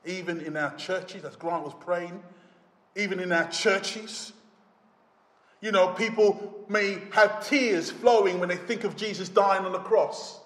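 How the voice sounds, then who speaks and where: Dramatic high-voiced preacher in an echoey hall. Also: male voice, unhurried. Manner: dramatic, rising to shouts and dropping to near whispers. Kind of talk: sermon. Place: church.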